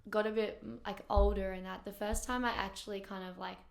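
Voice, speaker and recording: A woman's voice: medium pitch, flat delivery, fairly quick, vocal fry. A young woman, a pro surfer as guest, chatting casually, giggly and loose with lots of fillers. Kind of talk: casual chat.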